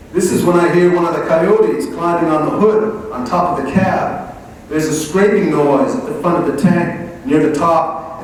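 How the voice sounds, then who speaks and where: A male author reading a passage of his novel aloud in a measured, steady voice at a library event. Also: a little high, a little hiss or hum. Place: large library event hall. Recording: echoey hall, mic from far off.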